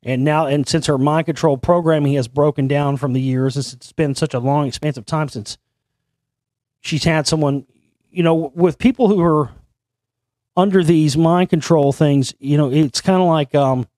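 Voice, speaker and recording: A man's voice: on the high side, normal speed, darkish tone, dry recording. Rambling man with a dry close sound. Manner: meandering, conspiratorial, frequent restarts. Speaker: host. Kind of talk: rambling storytelling monologue.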